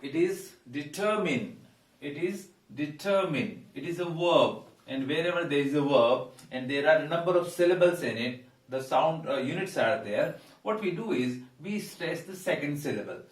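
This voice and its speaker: A man with an Indian English accent teaching English pronunciation at a whiteboard, halting with frequent "uh"s and repeating words slowly. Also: on the high side, expressive. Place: room with a whiteboard. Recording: roomy echo, mic at a distance.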